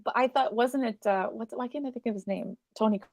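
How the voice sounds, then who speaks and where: A woman chiming into a casual chat with quick, curious questions and film trivia. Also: on the high side, a little mellow, no room sound, studio quality.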